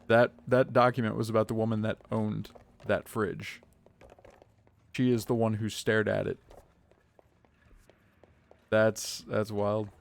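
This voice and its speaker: A man's voice: on the low side, little pitch movement, slow pace, gravelly, long pauses. A man chatting and joking with his viewers while streaming a video game. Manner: chatty, joking, talks to chat. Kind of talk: casual gaming livestream commentary.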